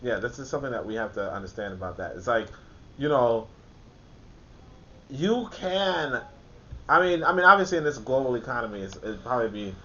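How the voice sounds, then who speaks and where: A man's voice: lively intonation, brisk, pauses often, a bit bright. A man hosting a casual book discussion, rambling with lots of fillers and restarts and frequent laughs. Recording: muffled, faint background rumble.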